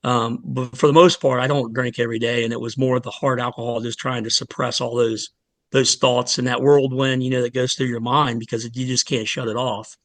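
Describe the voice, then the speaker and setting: A middle-aged man, a fire lieutenant, telling his story in a candid podcast interview, earnest and halting with many pauses. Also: medium pitch, flat delivery, a bit bright, dry recording. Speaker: fire department lieutenant, guest.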